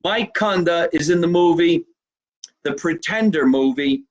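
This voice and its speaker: A man's voice: on the high side, unhurried. A man hosting a casual live show, chatty and jokey, reading out fan mail and sponsor plugs. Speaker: podcast host.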